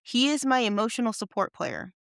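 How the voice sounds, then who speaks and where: Casual podcast co-host, woman, bit high, smooth, dry sound, rambles and laughs a lot. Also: fairly quick, dry recording. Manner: excitable, laughs often, rambling. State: tired. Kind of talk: casual chat.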